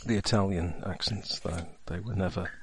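A man's voice: deep voice, steady tone, normal speed, breathy edge. Rambling man running a tabletop game. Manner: rambling, chatty, full of fillers and asides. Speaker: game master. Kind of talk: casual chat, setting up a tabletop game.

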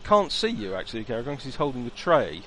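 Man, game master; lively up-and-down delivery, wry and unhurried. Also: medium pitch, a crowd in the background, rough recording. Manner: hesitant, wry, many ums. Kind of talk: narrating a tabletop game.

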